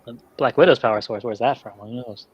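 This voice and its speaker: A man's voice: medium pitch, brisk, breathy edge, no echo. A man hosting a casual podcast, laughing often and rambling with restarts. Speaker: podcast host. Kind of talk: casual chat. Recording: dull lo-fi mic.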